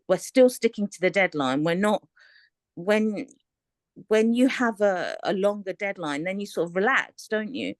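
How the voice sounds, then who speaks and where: A woman, talking candidly and in a rambling, animated way on a coaching call, often laughing. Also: medium pitch, no room sound. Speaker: aspiring author on a coaching call. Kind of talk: candid casual chat.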